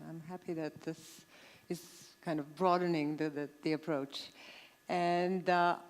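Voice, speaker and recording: A woman's voice: fairly low pitch, darkish tone. A woman moderating a conference panel, asking questions hesitantly and searching for words. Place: conference stage.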